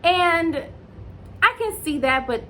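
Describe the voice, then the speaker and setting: A young woman reviews a dating show in a relaxed, chatty vlog voice that sits a touch high. She gushes freely and lets her voice jump up into squeals when something moves her. A faint hiss runs under the recording. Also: normal speed, rough recording.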